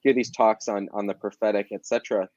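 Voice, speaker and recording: A man speaks earnestly in a flowing podcast chat, his voice low. The audio is dull and lo-fi, with a dry sound and no room echo. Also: steady tone, fast talker, a little mellow. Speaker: podcast co-host. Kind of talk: casual chat.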